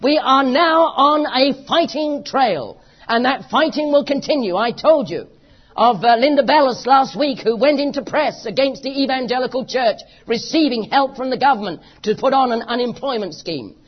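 A preacher with a British accent delivers an impassioned, emphatic sermon full of repeated phrases. His high voice is expressive at a moderate pace, captured on a dull lo-fi recording.

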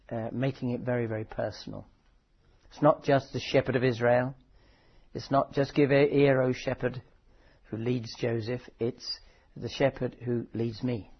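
A man preaching a sermon in a conversational, thoughtful way, often pausing and correcting himself. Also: medium pitch, slightly rough, highs cut off. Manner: conversational, thoughtful, with frequent fillers and self-corrections.

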